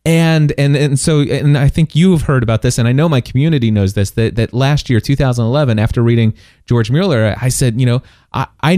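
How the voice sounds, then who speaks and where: A middle-aged man with a mellow, mid-pitched voice tells a personal story in a casual testimony chat, talking a little fast. He's loose and conversational, stumbling over restarts and breaking into laughter, and the recording sounds close and dry.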